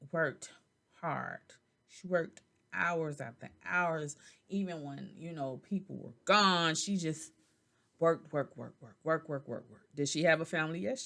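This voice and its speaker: A middle-aged woman hosts a podcast with a low voice that swings widely in pitch. She sounds tired and keeps yawning, yet she tells her story in a loose, chatty way and addresses her listeners directly. Her voice is low and pitched well below most women's. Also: fairly bright tone. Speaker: podcast host. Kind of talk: casual storytelling monologue.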